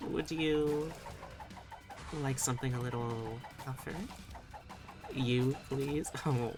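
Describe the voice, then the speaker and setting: A woman's voice: extremely low pitch, steady tone, slow pace, long pauses, music in the background. A woman streaming live, chatting with viewers in a playful, teasing, sultry way. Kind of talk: casual live-stream chat with chat readings.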